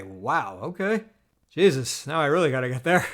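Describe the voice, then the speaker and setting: A man with a slightly high voice, recapping poker hands in a casual monologue, venting with frustration and lots of swearing. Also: normal speed. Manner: frustrated, profane, animated venting. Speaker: poker vlogger.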